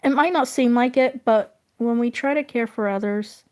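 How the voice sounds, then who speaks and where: A woman streaming while she draws, chatting casually and gently encouraging her viewers. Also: a little high, normal speed. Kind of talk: casual chat.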